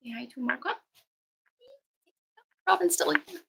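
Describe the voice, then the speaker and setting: A woman's voice: high voice, lively intonation, moderate pace, creaky, background noise. A woman dog breeder narrating a casual vlog, cooing to puppies in sing-song baby talk.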